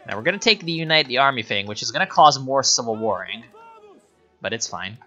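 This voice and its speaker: A young man whose first language is Italian talks casually over a strategy-game livestream, reading out his chat and joking as he plays. His voice is bright and forward. The audio is slightly dull, with faint game music underneath. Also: medium pitch, animated, fairly quick. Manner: chatty, joking, reads chat aloud. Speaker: gaming streamer. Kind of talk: casual live game commentary.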